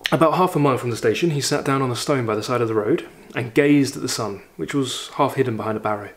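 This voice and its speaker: A man reads a classic short story aloud, lifting his voice for the quoted lines. Between passages he slips into reflective, conversational commentary. His pitch sits in an ordinary middle register. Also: brisk, a little hiss or hum. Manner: expressive reading, raises voice for quoted lines, reflective asides. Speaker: literature teacher reading aloud.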